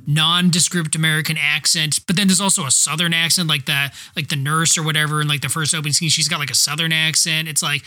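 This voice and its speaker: A man's voice: a little high, level tone, fast talker, hardly any pauses, sharp tone. A man co-hosting a casual movie podcast, rambling and giggling as he talks. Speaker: podcast co-host. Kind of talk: casual movie-review chat.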